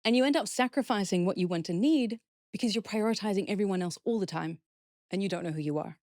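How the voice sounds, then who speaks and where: A woman's voice: mid-range voice, fast talker, darkish tone, no room sound, clean studio sound. A woman speaking as a guest expert in a podcast interview, explaining steps earnestly and acting out example phrases.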